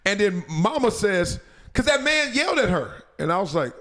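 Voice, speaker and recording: Man, podcast host, high lively voice, casual animated storytelling. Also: normal speed. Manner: animated, laughing storyteller acting out quotes.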